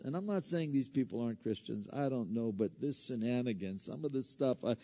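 Casual-talking pastor in an echoey hall. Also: male voice, medium pitch, lively intonation, a little fast, few pauses, dark tone. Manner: conversational, lots of fillers and restarts, jokey asides. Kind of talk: sermon. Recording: echoey hall, dull lo-fi sound.

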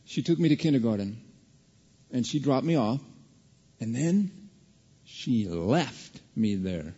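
A man preaching a sermon as a pastor, telling a childhood story in an animated way and acting out other people's voices. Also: mid-range voice, takes it slowly, breathy edge. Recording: dull, reverberant hall recording.

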